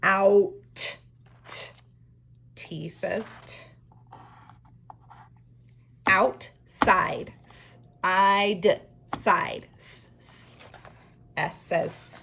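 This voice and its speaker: A woman teaching a writing lesson to young children, slowly sounding out each word letter by letter. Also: medium pitch, steady tone, creaky, a bit bright, a little hiss or hum. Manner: slow, stretched phonics sounding-out. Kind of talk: early-grade writing lesson, sounding out words.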